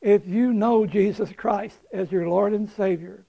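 A man's voice: high-pitched, fairly even intonation, unhurried, vocal fry, warm tone, highs cut off. A male pastor preaching a sermon with fervor, repeating phrases for emphasis and closing in prayer.

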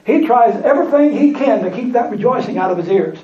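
A man's voice: very high voice, quick pace, hardly any pauses, a little mellow. A man preaching a sermon, reading scripture aloud and repeating lines for emphasis. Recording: echoey room, dull lo-fi sound.

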